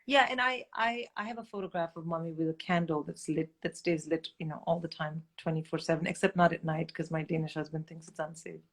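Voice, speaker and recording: A middle-aged woman from India, telling candid stories as a guest in a casual chat, animated and blunt, swearing freely. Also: deep voice, brisk, few pauses. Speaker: guest comedian.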